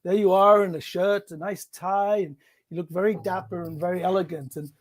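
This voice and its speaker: A man's voice: high voice, fairly even intonation, brisk. A man with a Northeast English accent, a guest in a conversational interview, speaking in a hesitant but good-humored way and often repeating his words. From Northeast England.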